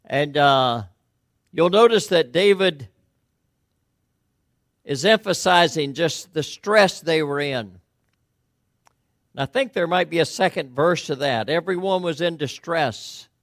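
A man's voice: on the high side, a bit bright, no echo, studio quality. A man preaching a conversational sermon, talking with frequent restarts and rhetorical questions. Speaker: pastor.

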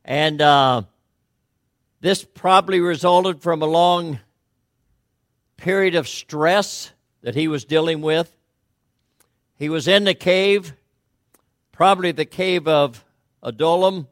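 A man's voice: fairly high pitch, slow, long pauses, a bit bright, dry recording, clean studio sound. A man preaching a conversational sermon, talking with frequent restarts and rhetorical questions. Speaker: pastor.

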